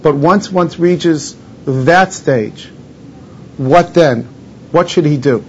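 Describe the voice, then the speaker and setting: A man's voice: slow, darkish tone. A man, a rabbi, teaching a Torah lesson and explaining each Hebrew term in English. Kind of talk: Torah lesson on mourning laws. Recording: dull lo-fi recording with faint rumble.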